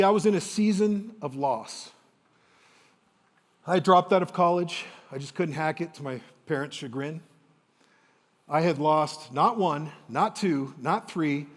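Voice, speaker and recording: A man in his fifties, telling a personal story on stage as a motivational speaker, dramatic and emotional with slow, weighty pauses. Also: fairly high pitch, big-room sound. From Windsor, Ontario, Canada.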